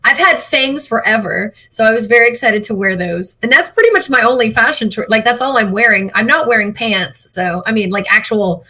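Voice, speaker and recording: A woman's voice: a little high, brisk, hardly any pauses, pushed and bright, breathy edge. A woman player chatting casually out of character on a video call, giggly and rambling.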